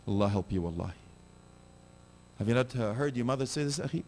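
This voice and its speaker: A man preaching a sermon, animated and direct, asking his listeners pointed rhetorical questions. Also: mid-range voice, quick pace, long pauses.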